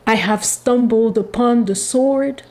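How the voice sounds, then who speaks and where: A woman channeling a remorseful family member who pleads for forgiveness during a spiritual reading, speaking in a slow, solemn, halting way. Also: fairly high pitch, darkish tone. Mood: pleading.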